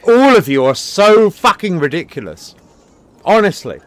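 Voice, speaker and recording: A man's voice: high-pitched, sing-song, unhurried. A man streaming live, telling a rambling, profane story and lecturing his chat, repeating himself for emphasis. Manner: storytelling, preachy.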